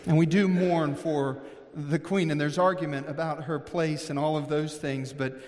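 A man from Missouri preaching a sermon as pastor, earnest, slowing down for emphasis and often restarting his sentences. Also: on the high side, steady tone, darkish tone, long reverb tail.

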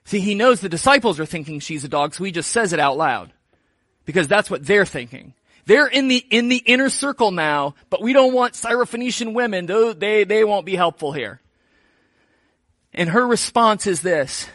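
A man's voice: high-pitched, animated, moderate pace, a bit bright, no room sound. A man preaching a sermon in a casual, joking storytelling manner. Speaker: pastor.

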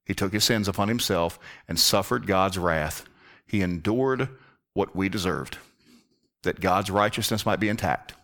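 A man preaching a sermon earnestly, dropping to a hushed voice for emphasis. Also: sits low, a little slow. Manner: earnest, drops to a hushed near-whisper for emphasis.

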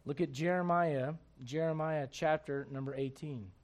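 A man preaching a sermon as pastor of a church, emphatic and swinging between loud bursts and low asides. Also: steady tone, moderate pace.

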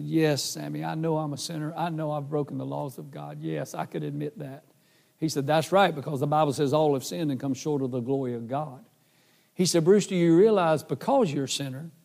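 A man's voice: fairly high pitch, gravelly, darkish tone. A man preaching a sermon, earnestly telling his own testimony and acting out the dialogue. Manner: earnest, emotional, acts out dialogue. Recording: hall reverb.

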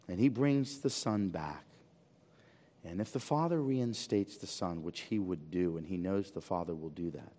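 Dramatic pastor with a ringing church reverb. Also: male voice, sits low. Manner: dramatic, swings from near-shouting to hushed; asks the congregation rhetorical questions. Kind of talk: sermon. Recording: long reverb of a church hall.

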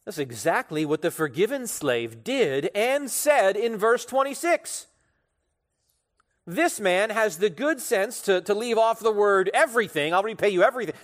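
A pastor preaching an expository sermon, emphatic, with sudden rises and falls in loudness. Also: male voice, high-pitched, big-room sound.

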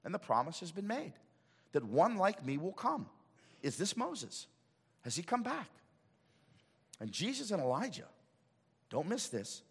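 A man preaching a sermon in a church, swinging from loud declarations to hushed asides. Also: a little high, husky, in a large hall. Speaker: pastor. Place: church sanctuary.

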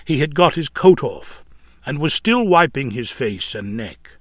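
A man reading a first-person memoir aloud in an earnest, solemn, deliberate storytelling manner. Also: fairly high pitch, a bit bright, no echo, clean studio sound. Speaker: audiobook reader. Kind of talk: measured storytelling narration of a memoir.

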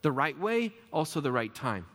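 A man's voice: fairly high pitch, big pitch swings, normal speed, a bit bright. Man preaching in a reverberant hall. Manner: conversational preaching with rhetorical questions and restarts. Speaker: pastor. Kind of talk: sermon.

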